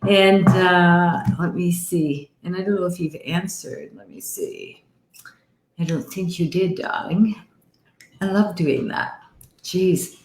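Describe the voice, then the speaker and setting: A woman from Canada, a psychic medium hosting a live-stream card reading, chatty and animated, with frequent laughter. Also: fairly low pitch, echoey room.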